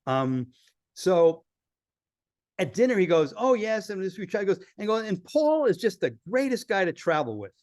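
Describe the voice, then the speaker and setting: A man telling lively travel stories as a podcast guest, acting out the people he quotes. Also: high-pitched, normal speed, dry recording, clean studio sound. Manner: animated storyteller acting out quoted voices. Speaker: filmmaker guest. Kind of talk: storytelling in a podcast interview.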